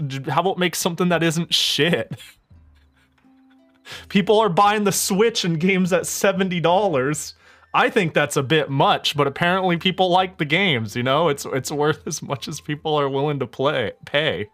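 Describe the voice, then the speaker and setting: A male streamer in casual stream chat, ranting in a profane, animated way and laughing often. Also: a little high, normal speed, faint music behind.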